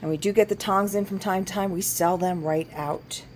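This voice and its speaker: A woman's voice: medium pitch, fairly even intonation, normal speed, a little hiss or hum. A woman who owns an antique shop, walking through it casually, chatting about items and working out discounts aloud. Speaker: antique shop owner showing items for sale. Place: indoors in a large antique shop.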